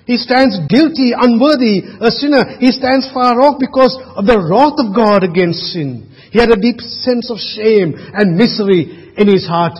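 A high, husky male voice preaching, throwing out rhetorical questions and sinking to a near-hush on key words. The sound is dull and lo-fi, with long reverb from a church hall. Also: unhurried, few pauses. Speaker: pastor. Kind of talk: sermon.

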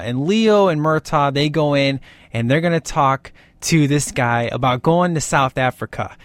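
A man talking casually and with excitement through a movie's scenes, gushing as he goes and often tagging "man" onto his lines. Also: medium pitch, no room sound. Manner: gushing and animated, keeps saying "man". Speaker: film commentator.

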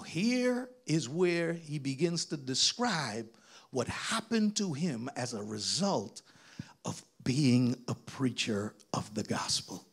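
A man preaching a sermon, reading scripture aloud and urging the congregation on, building to shouts. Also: on the high side, husky. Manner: reads scripture aloud, asks congregation to read on, rising to shouts.

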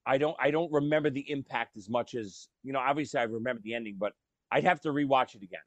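A man co-hosting a podcast, talking about movies in a casual, animated storytelling way. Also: mid-range voice, fast talker, dry recording. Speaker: podcast co-host.

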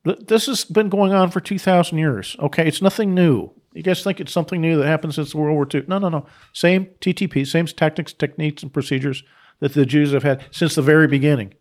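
Preacher, male, slightly high-pitched, emphatic off-the-cuff preaching that hammers on repeated lines. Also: a little fast. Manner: emphatic, repeats key phrases; unscripted, with restarts and asides. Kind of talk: preaching on scripture.

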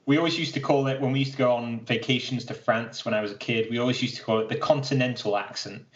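A man's voice: medium pitch, fairly even intonation, fast. British man, casual podcast chat, rambling restarts, self-deprecating, slightly dull recording. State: keeps clearing his throat. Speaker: podcast co-host.

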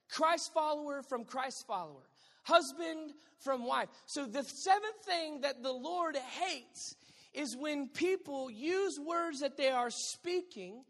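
A woman's voice: high-pitched, big-room sound. A woman pastor preaching a sermon, emphatic and conversational with playful asides to the congregation.

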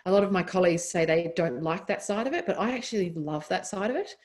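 A woman with an Australian accent speaks fast and openly in a relaxed podcast interview. Her voice sits a little low, and she restarts sentences and laughs easily as she talks. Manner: candid, laughs often, many restarts. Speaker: podcast guest, doctor and former Olympic athlete. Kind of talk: casual interview chat.

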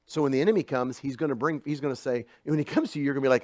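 A middle-aged man preaching a sermon in a conversational storytelling way, dropping to hushed asides and rising to loud, emphatic bursts. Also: mid-range voice, racing, dry recording, clean studio sound.

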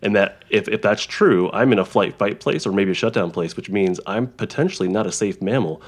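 A man who works as a therapist, explaining ideas in a halting conversational way, with frequent restarts and examples. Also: fairly low pitch. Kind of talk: conversational interview.

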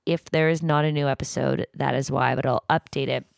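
A woman's voice: a bass voice, steady tone, a little fast, creaky, clean tone, no room sound, studio quality. A woman hosting a podcast with her father, talking casually and candidly, with the odd swear. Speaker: podcast host.

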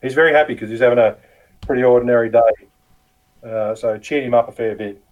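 A man's voice: mid-range voice, fast, highs cut off. A middle-aged Australian man co-hosting a casual live chat, swearing freely and telling jokey stories. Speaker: co-host.

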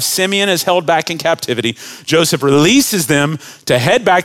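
A man preaching a sermon, animated and storytelling, acting out quick voices and dropping to quiet earnest tones. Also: fairly high pitch. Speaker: pastor.

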